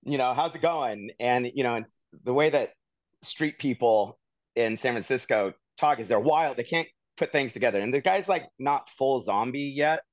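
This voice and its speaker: A man co-hosting a podcast, telling a long personal story in a casual, animated way full of "like" and "you know.". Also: medium pitch, normal speed, dry recording. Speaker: podcast co-host.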